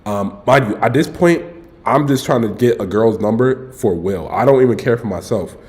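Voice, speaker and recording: A man's voice: mid-range voice, moderate pace, darkish tone. A young man streaming live, telling a story in a loose, candid way and saying "bro" and "like" a lot.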